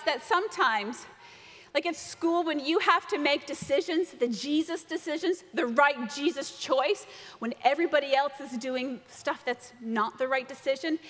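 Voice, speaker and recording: A woman with a high, bright voice leads a children's talk in a church. Her voice rings through a reverberant hall. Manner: animated, shouting out a count. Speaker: children's message leader. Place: church sanctuary.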